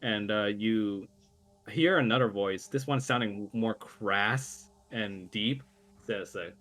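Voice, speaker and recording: Low-voiced man narrating a tabletop game. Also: a bit bright. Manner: halting, with many fillers. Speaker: game master. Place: online voice call.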